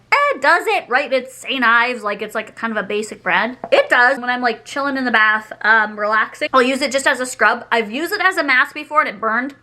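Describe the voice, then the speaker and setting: A woman's voice: on the high side, bright, forceful tone. A young woman beauty vlogger chatting casually about her favorite products, bubbly and giggly, filling her talk with "like". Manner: bubbly, giggly, says "like" constantly. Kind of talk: casual chat.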